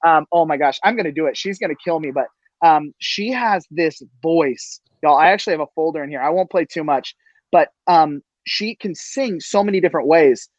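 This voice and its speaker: Excitable man hosting a podcast. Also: a little high, fairly quick, no echo. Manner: excitable, gushing. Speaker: podcast host. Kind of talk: casual chat. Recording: dull, lo-fi sound.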